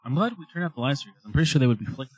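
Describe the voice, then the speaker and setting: This podcast host has a mid-range voice and rapid-fire delivery, with slight background noise behind him. Hosting a casual spirit-board chat, he jokes and swears in an animated, mock-spooky way.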